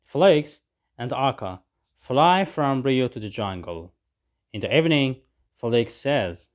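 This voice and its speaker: Slow, clear male storyteller. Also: mid-range voice, lively intonation. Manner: slow, clear, simple phrasing. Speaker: story narrator. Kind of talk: slow read-aloud story for English learners.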